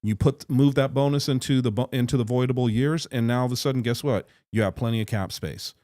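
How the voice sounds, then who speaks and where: A man hosting a live sports talk show, explaining in a measured way. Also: mid-range voice, warm tone, no echo. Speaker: host.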